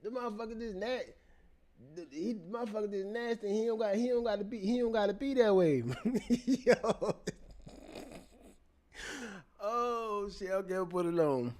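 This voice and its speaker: A man giving casual, profane commentary, animated and laughing, repeating phrases as he reacts. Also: high-pitched, unhurried, pauses often. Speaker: commentator reacting to court testimony.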